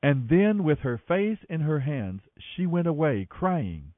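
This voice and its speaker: Animated male Bible reader on tinny radio. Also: a little high, slow, no room sound. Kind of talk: scripted Bible narration. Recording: tinny phone-like radio line.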